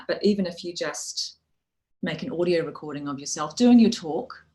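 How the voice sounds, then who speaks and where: A woman with a New Zealand accent gives practical tips on public speaking in a low voice. She is friendly and easygoing, often restarting a phrase or adding "you know" as she explains. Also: low-quality recording. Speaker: speaking coach. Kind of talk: instructional talk on public speaking.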